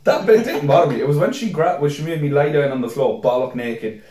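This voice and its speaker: A young man, speaking a little fast, co-hosts a podcast and swaps drunken stories in casual talk, animated and profane, imitating people in high voices. There's reverb on the recording.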